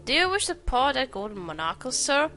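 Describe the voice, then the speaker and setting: A woman's voice: sits high, big pitch swings, fairly quick, bright, forceful tone, faint music behind, pitched above the performer's own voice, heavily acted. A woman voicing a grasping, self-pitying male pawnbroker in a detective game, reading his lines aloud. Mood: indignant. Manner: read aloud from on-screen text.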